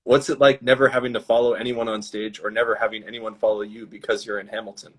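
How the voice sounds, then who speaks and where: A man's voice: on the low side, little pitch movement, fast talker. A man hosting a livestream interview, asking teasing questions and laughing often. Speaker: livestream host. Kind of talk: casual interview.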